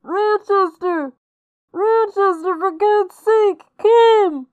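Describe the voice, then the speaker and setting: Brief: trapped man shrieking for help from above, very high and frantic. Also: very slow, dry recording, muffled recording, exaggerated voice. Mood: desperate. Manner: shrieking, half-smothered.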